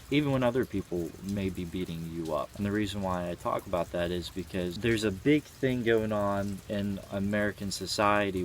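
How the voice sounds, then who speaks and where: A man's voice: low voice, a little hiss or hum. A man in his twenties talking casually and earnestly to camera, rambling with many fillers and the odd swear word. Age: 20s. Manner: rambling, frequent "you know" fillers. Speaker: vlogger. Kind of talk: casual reflective monologue.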